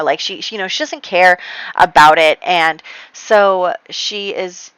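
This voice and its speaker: A woman's voice: on the low side, a little slow, fairly bright tone, smooth, no room sound, rough recording. A young woman chattily recapping her life-sim gameplay story, rambling with fillers and restarts. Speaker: let's play host. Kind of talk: casual gameplay recap narration.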